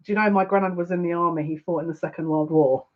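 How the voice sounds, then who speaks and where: A woman's voice: lowish voice, fairly even intonation, quick pace. Chatty woman, muffled stream. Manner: chatty, emotional, responds to viewer comments. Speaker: psychic reader. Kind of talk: live-stream tarot reading.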